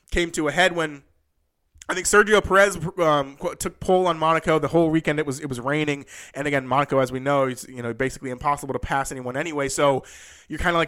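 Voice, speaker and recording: Fast-talking young man, rambling commentary. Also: a little high. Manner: rambling, with many restarts and "you know"; animated, rising in disbelief. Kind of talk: casual motorsport commentary.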